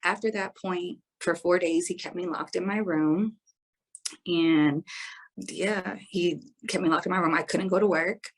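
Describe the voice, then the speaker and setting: A woman, a podcast guest, telling a story casually in an animated, profane, slangy way. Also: fairly low pitch, a little slow, poor audio.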